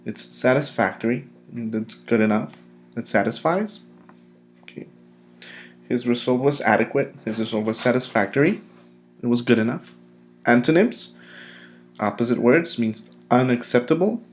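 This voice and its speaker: Male teacher, mid-pitched voice, clear and emphatic, steady lesson delivery. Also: a little hiss or hum. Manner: clear, emphatic drilling of words. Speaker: English vocabulary teacher. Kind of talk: recorded vocabulary lesson.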